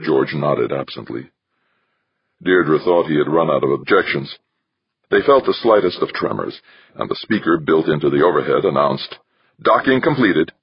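A man narrating an audiobook in a measured, steady reading. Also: very deep voice, creaky, husky, dry recording, dull audio. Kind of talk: scripted narration.

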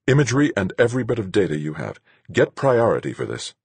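A man's voice: fairly low pitch, big pitch swings, quick pace, creaky, darkish tone, slightly rough, no room sound, pitched above the performer's own voice, exaggerated voice. A man voicing a brusque older woman in command who barks out curt orders.

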